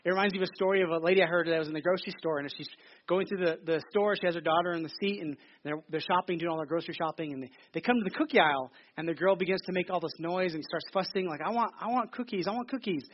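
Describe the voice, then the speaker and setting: Pastor guy in his 30s, high voice, talks fast, jokey sermon w/ lots of restarts, bit dull lo-fi sound. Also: a little hiss or hum. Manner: joking, chatty, full of quick restarts. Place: theater. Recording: slightly dull lo-fi recording.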